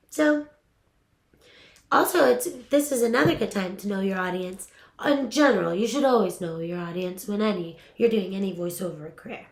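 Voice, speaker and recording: Chatty woman teaching voiceover, echoey room. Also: fairly high pitch. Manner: chatty, upbeat, many fillers. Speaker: voiceover coach. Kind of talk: casual teaching talk.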